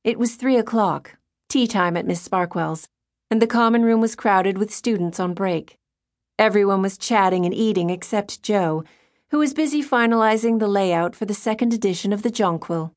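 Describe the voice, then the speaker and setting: A woman's voice: mid-range voice, normal speed. Woman narrating an audiobook. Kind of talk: scripted narration.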